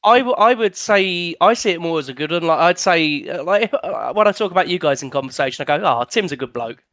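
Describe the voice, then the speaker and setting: A man's voice: high-pitched, expressive, fast talker, a bit bright, no echo, studio quality. A man chatting casually in voice chat while playing a game, stumbling and restarting his sentences. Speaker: server player.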